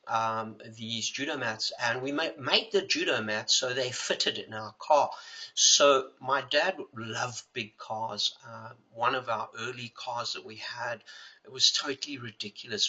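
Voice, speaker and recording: An older man with a South African accent, telling casual, animated stories full of fillers and acting out the dialogue. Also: medium pitch, low-quality recording. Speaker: judo historian recounting memories. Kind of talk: casual storytelling.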